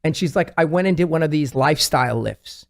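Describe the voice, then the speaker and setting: Quick-talking guy, kinda high voice, plastic surgeon telling patient stories, very animated. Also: gravelly. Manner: animated storyteller, quotes patients in lively voices. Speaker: plastic surgeon, show regular. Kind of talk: casual talk-show conversation.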